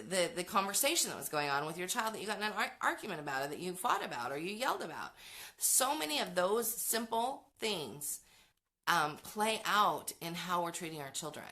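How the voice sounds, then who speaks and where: A middle-aged woman talks through parenting advice in a casual, frank way, full of fillers and quick restarts. Her voice sits low for a woman yet sounds bright and forceful. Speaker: parenting educator hosting a show. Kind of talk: casual advice talk, answering comments.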